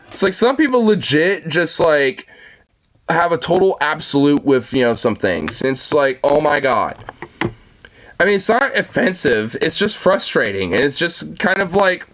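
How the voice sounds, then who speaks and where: Animated young man ranting with laughs. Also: on the high side. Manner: animated, laughing, swearing, lots of fillers. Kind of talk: casual solo rant.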